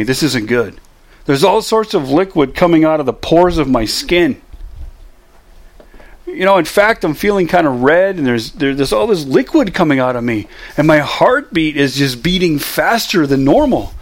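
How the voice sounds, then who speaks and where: A man acting out a nervous beginner runner, alarmed at every new feeling in his body, in a slightly high voice. He sounds fretful and uneasy rather than strongly characterized. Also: animated, normal speed. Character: panicky first-time male runner.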